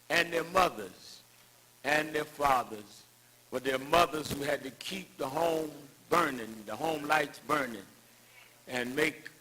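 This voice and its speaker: Gravelly, forceful older man orating. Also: on the high side, a little hiss or hum, low-quality recording. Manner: emphatic, preacher-like cadence with anecdotes. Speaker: speaker at a civil rights tribute. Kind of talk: rousing public speech.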